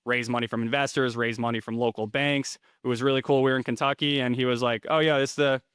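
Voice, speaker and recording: A man's voice: mid-range voice, level tone, fast talker, fairly bright tone, clean tone, dry recording, studio quality. A man in his thirties, a guest in a casual interview, talking in a rambling way full of fillers and restarts. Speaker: interview guest, rental investor.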